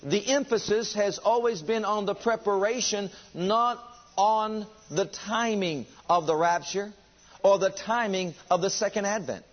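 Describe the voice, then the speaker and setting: A man's voice: sits high, measured pace, lo-fi sound. A man preaching a sermon, driving his points home with rhetorical questions and emphatic repetition.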